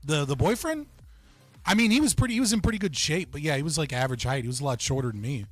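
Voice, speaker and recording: A young man with a slightly high voice tells a story on his livestream, rambling through restarts, fillers and swearing. The sound is dry and close to the mic, with faint music behind him. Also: animated, quick pace, dry recording. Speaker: livestream host.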